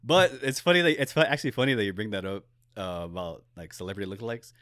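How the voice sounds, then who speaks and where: A young man hosting a casual interview in a small office, animated and laughing often as he tells stories. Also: on the low side, quick pace, dry recording, studio quality. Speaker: podcast host.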